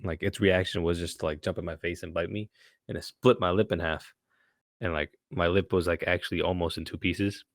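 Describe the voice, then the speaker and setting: A man's voice: deep voice, steady tone, fairly quick, no echo, studio quality. A tired young man co-hosting a casual podcast, rambling, stumbling over words and laughing a lot. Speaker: podcast co-host.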